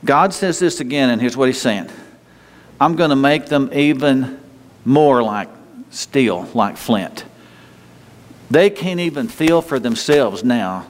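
A man preaching a sermon in a lively, conversational way, restarting phrases and talking straight to the congregation. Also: medium pitch, takes it slowly, pauses often. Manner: animated, conversational preaching with frequent restarts and asides. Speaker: pastor. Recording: long reverb of a large hall.

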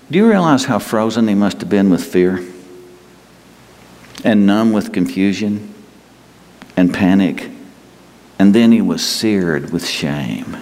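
A man's voice: low voice, a little mellow. Man preaching in a reverberant hall. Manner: conversational preaching with pauses and rhetorical questions. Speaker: pastor. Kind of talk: sermon.

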